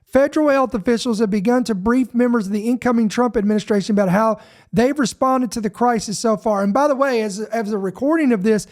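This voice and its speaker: A man from Georgia, hosting a podcast and reading news headlines aloud. He talks emphatically, slows down to stress certain words and often repeats himself mid-sentence. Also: extremely high pitch, darkish tone. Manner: repeats himself, self-interrupting. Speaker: podcast host.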